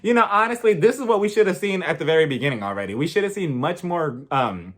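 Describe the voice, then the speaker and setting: Lively man recapping a TV episode. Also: fairly high pitch, fast. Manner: animated storytelling, acting out others, frequent laughter. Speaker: TV episode reviewer. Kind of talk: casual recap vlog.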